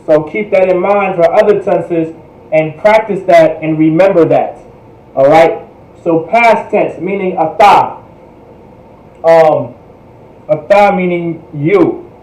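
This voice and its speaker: A man with a notably high voice leads a livestreamed language lesson, saying each word again and again so listeners catch the sound. His voice bounces around a roomy, echoey space. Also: slow, long pauses, darkish tone. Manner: repetitive, drills pronunciation patiently. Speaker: language teacher. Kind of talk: livestreamed class lecture. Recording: echoey room.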